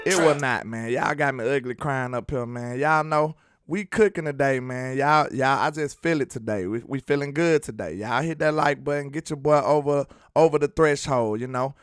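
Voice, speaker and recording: A man hosting a sports fan show, talking in an animated, slangy way straight to his viewers. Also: mid-range voice, normal speed, clear, resonant tone, no room sound, clean studio sound, soft background music. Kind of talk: casual fan commentary with clips.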